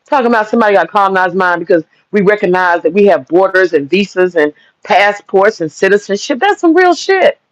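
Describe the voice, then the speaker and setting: This livestream host has a mid-range voice and talks fairly quickly, barely pausing, as she rants bluntly and heatedly with heavy profanity. The audio is dull, lo-fi, dry and echo-free.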